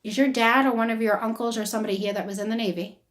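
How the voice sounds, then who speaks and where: A woman's voice: a little high, steady tone, rapid-fire. A woman doing a one-on-one psychic medium reading. She talks chattily, relays messages as quoted speech and keeps asking whether things make sense. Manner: chatty, keeps checking in with questions.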